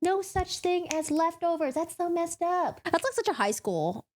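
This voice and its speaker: A young adult woman vlogger recapping a book in a chatty, animated way, with asides. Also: extremely high pitch, normal speed.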